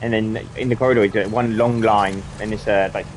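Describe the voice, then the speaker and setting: A man's voice: on the low side, flat delivery, a little fast, slight background noise. Sweary young man telling stories. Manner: sweary, rambling, laughs at his own stories. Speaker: gaming channel host. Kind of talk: casual storytelling while gaming.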